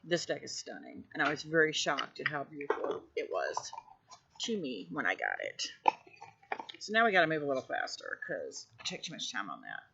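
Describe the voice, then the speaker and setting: A woman gushing over her tarot cards in a casual vlog, her bright, sharp voice carrying a gravelly fry. She piles on effusive praise and now and then drops to a hush. The recording sounds a little dull and lo-fi. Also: deep voice, huge pitch swings, normal speed, slight background noise. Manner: drops to a hushed voice at times. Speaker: tarot deck reviewer. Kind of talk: casual show-and-tell vlog.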